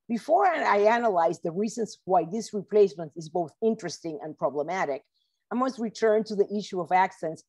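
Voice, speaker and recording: Woman professor reading a measured lecture. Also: on the low side, a little mellow. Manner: measured reading with occasional self-corrections. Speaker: professor giving a book talk. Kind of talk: academic lecture read from a script.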